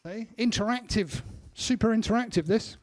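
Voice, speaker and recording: A man's voice: sits high, moderate pace. A man, a band member, casually explaining things to viewers on a live stream.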